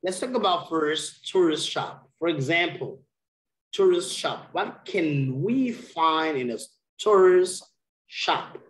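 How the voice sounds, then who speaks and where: A man's voice: on the high side, lively intonation, slow pace, fairly bright tone, slight background noise. A man teaching an English lesson over a video call, speaking patiently and repeating key words. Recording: roomy echo.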